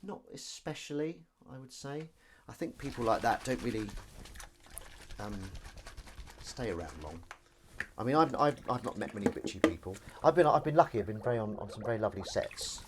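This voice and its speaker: A man's voice: medium pitch, brisk. Middle-aged guy chatting on his live stream, voice jumping all over the place, bit of noise behind. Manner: chatty and animated, reading viewer comments aloud, laughing. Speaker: live stream host and actor. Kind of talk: casual live-stream chat.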